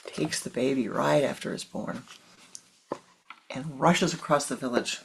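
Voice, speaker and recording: A spiritual teacher giving a sermon and telling a story slowly and softly, at times in a whisper. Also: mid-range voice, vocal fry, noisy background. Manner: slow, soft, partly whispered.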